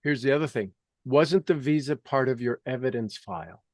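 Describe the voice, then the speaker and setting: A man's voice: mid-range voice, lively intonation, moderate pace, no echo, clean studio sound. Emphatic male motivational coach. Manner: emphatic and repetitive, drives points home. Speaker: leadership coach and host.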